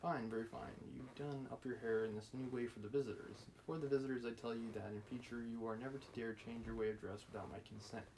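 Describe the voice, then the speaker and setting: A man's voice: medium pitch, fairly even intonation, fast, hardly any pauses, a little mellow, a little hiss or hum, lightly acted, poor audio. A man reading the part of a stern, domineering old prince, brusque and scolding.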